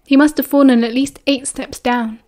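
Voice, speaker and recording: A woman with a British accent narrating a novel as an audiobook in a steady, expressive storytelling voice. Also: high voice, moderate pace. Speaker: audiobook reader.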